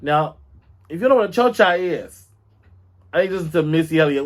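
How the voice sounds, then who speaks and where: A man hosting a casual gossip podcast in a sassy, animated way, calling his listeners girl and baby. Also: fairly high pitch, a little fast. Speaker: podcast host.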